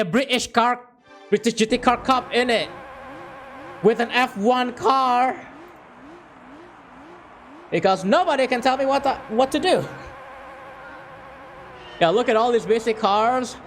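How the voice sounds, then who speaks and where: A man's voice: extremely high pitch, unhurried, pauses often, fairly bright tone, slight background noise. A man casually chatting to his chat while playing a racing game on a stream, jokey and a bit profane.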